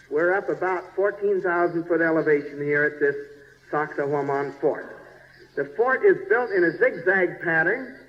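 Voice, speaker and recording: Folksy high-voiced man narrating slides. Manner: folksy, chatty, checks in with listeners; gropes for place names. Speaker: bishop narrating a slide show. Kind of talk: casual slide-show narration. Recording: dull 1970s recording with long reverb.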